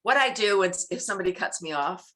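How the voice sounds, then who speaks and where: Fast-talking and mid-range in pitch, a laughter yoga teacher chats as an interview guest. She laughs often, stays animated, and throws in playful sound effects.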